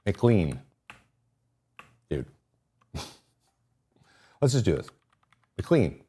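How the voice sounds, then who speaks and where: A male podcast host giving a casual livestream breakdown of pitchers, excitable and easily sidetracked, often interrupting himself. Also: very slow, slightly rough.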